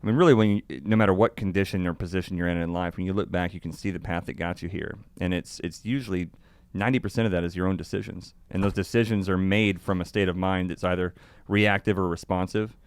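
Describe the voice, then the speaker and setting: A man's voice: low voice, fairly even intonation, fast, clean tone, dry recording. A man hosting a podcast in casual conversation, easygoing and agreeable. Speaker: podcast host.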